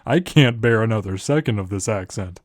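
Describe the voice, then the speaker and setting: A man's voice: fairly low pitch, animated, a little fast, dry recording, studio quality. A man voicing a pompous, formal elderly British statesman who talks down to people. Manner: formal and condescending.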